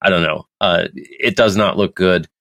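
A man's voice: deep voice, normal speed, gravelly, fairly bright tone. A man hosting a casual podcast chat, joking sarcastically, laughing often and restarting his sentences. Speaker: podcast host.

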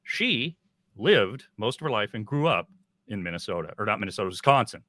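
A man's voice: lowish voice, very animated, brisk, sharp tone, no echo. A man co-hosting a casual film podcast, chatty and given to teasing anecdotes. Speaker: podcast co-host.

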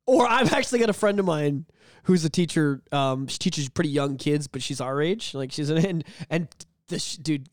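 A man's voice: fairly high pitch, normal speed, dry recording, studio quality. A man in his thirties, co-hosting a podcast and telling stories with lots of swearing and put-on voices. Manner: profane, animated storytelling with put-on voices. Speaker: podcast co-host. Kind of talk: casual chat.

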